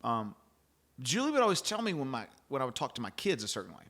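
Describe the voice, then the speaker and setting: A man's voice: mid-range voice, sing-song, fast, fairly bright tone. A middle-aged man hosting a casual faith-based chat, rambling and restarting, acting out quoted lines. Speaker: podcast host.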